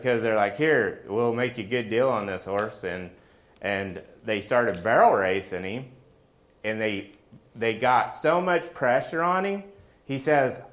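Speaking in a mid-range voice, this middle-aged preacher keeps his sermon conversational and often asks the congregation questions.

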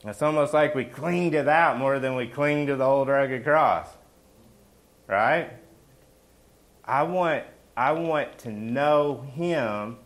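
A male pastor delivering a loose, conversational sermon, his voice at an ordinary middle pitch. He is animated, throws questions at the congregation and tags his points with quick check-ins. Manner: animated, asks the congregation questions, often adds "right?".

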